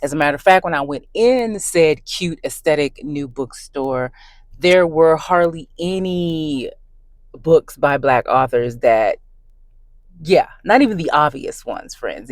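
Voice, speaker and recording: A woman telling a story to her camera in a casual, emphatic rant, talking with animated emphasis. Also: deep voice, measured pace, no room sound. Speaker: book vlogger. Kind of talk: casual ranting vlog. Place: in her car.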